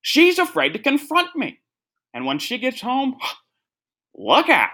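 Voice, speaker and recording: A man's voice: very high voice, huge pitch swings, takes it slowly, bright, forceful tone, voice pushed up, exaggerated voice. A man doing an impression of an indignant older man in a reality-TV confessional, dramatic and aggrieved.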